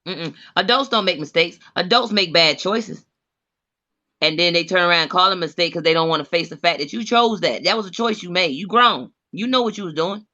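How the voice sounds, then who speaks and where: A man's voice: sits high, animated, fairly quick, sharp tone, muffled recording. A man in casual chat, talking in a blunt, emphatic, lecturing way. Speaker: co-host.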